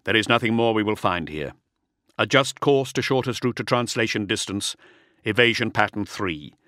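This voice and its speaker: Guy doing a stern warlord giving orders, low voice, dry recording. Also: pushed and bright, no room sound. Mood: commanding. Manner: firm, measured commands. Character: stern commanding male warlord leader.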